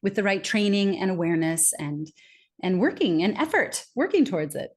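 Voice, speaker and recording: Lively woman explaining in an interview. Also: medium pitch, normal speed. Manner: lively, acts out quoted remarks with laughs. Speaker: guest speaker on communication.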